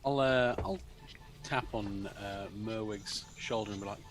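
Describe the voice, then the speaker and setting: A man's voice: fairly low pitch, a little slow. A man playing a tabletop role-playing game, joking in a dry, cautious way. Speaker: player. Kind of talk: tabletop role-play chat.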